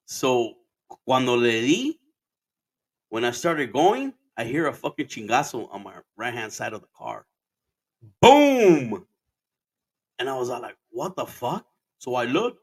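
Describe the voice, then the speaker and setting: A man's voice: medium pitch, fairly bright tone. Rambling, profane man from Arizona. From Arizona, USA. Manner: rambling, profane, switches into Spanish phrases. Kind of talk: casual storytelling monologue.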